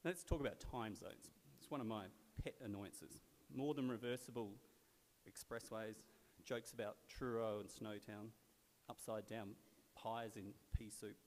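A man's voice: on the low side, fairly even intonation, measured pace, darkish tone. A man in his forties with an Australian accent, giving a wry, anecdotal speech to a club gathering in a large venue, loosely conversational with plenty of fillers. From South Australia. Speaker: guest speaker at a club luncheon. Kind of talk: anecdotal after-dinner speech. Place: large event venue in a sports stadium. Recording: long hall reverb, faint hiss.

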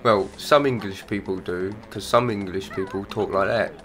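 A man's voice: fairly low pitch, steady tone, moderate pace, over music. A man casually bantering while playing a video game with a friend, laid-back and laughing often. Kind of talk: casual let's-play banter.

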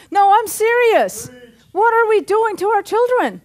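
A woman's voice: extremely high pitch, very animated, unhurried. A middle-aged woman pastor preaching a sermon in a church, punchy and joking, often calling out for an amen. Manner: punchy, joking, calls for amens.

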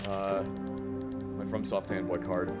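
A man giving casual live gameplay commentary as a streamer, talking to himself and breaking into excited outbursts. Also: unhurried, loud music behind the voice. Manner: excitable, talks to himself, sudden squeaky outbursts.

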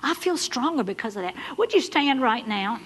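High-voiced woman preaching fervently. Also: animated, normal speed, slight background noise, poor audio. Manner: builds to fervent, loud exhortation with Southern turns of phrase. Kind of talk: sermon. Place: church sanctuary.

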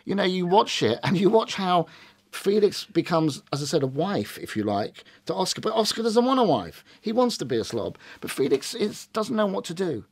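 A man's voice: high-pitched, normal speed. A middle-aged man, reviewing a film in casual chat and acting out lines from it. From Britain. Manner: animated, acts out quoted lines in varied voices.

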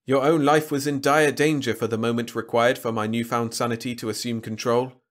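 A man's voice: medium pitch, fairly even intonation, fairly quick, close to an everyday voice. A man voicing a grandiose, contemptuous ancient alien weapon in a storybook reading, speaking with lofty, pompous declamation. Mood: exultant.

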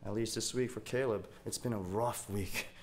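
A man's voice: lowish voice, fairly even intonation, normal speed, slight background noise. A young man preaching a sermon as a pastor, telling a story in a conversational way and repeating words as he gets going.

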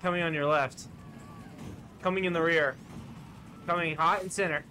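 A man gaming on the couch with a friend, loudly trash-talking and laughing as he plays. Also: fairly high pitch, fairly even intonation, moderate pace, a little hiss or hum. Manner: loud, playful trash talk, laughs often. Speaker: co-host playing a video game. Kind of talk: casual gaming chat.

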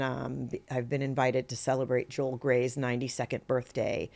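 A woman's voice: a bass voice, creaky. A middle-aged woman, a guest actor, telling anecdotes in an interview and acting out the voices of people she quotes. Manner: animated storyteller who acts out quoted voices.

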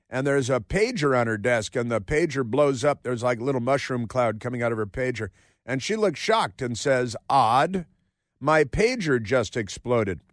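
A man's voice: mid-range voice, no echo, studio quality. Sarcastic rambling male radio host. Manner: sarcastic, rambling, with many filler words. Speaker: radio talk show host. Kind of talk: talk radio monologue. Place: radio studio.

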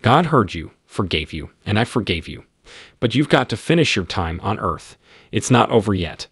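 A man voicing a calm, reassuring male friend who has died, inside a narrated story. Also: on the low side, moderate pace, breathy edge, no room sound, clean studio sound, full character voice.

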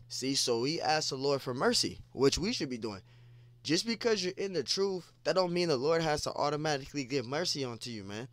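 A man's voice: mid-range voice, expressive, moderate pace, fairly bright tone, no echo. A man giving an informal scripture lesson, repeating phrases and peppering his talk with "man" and "you know.". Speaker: preacher.

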